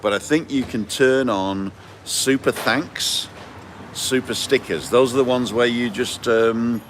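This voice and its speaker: A man's voice: mid-range voice, measured pace. A man hosting a casual live stream and explaining things step by step. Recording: street noise and passing vehicles.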